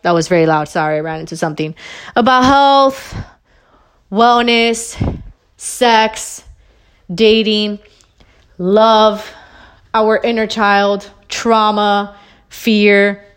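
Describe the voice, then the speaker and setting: A woman's voice: medium pitch, fairly even intonation, slow pace, pauses often, smooth. A woman hosting her own podcast, ranting about wellness in a blunt, emphatic way, swearing freely and repeating her points, a little out of breath. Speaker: podcast host. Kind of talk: solo motivational rant.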